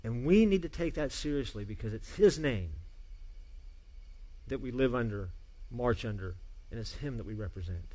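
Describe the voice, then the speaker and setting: Man, pastor, sermon, earnest, loud urging, hushed emphasis, mid pitch. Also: expressive, normal speed.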